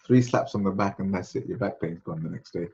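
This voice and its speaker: A man's voice: low-pitched, brisk, darkish tone, slightly rough, dull audio. A man from Sylhet, Bangladesh, giving an informal religious lecture in a conversational, storytelling manner. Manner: conversational, storytelling, frequent restarts. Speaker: religious teacher.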